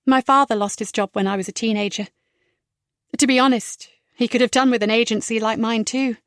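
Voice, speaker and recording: A woman voicing a spirited businesswoman in an audiobook, forthright and lively. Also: a little high, fairly quick, no echo, studio quality, lightly acted. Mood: brisk.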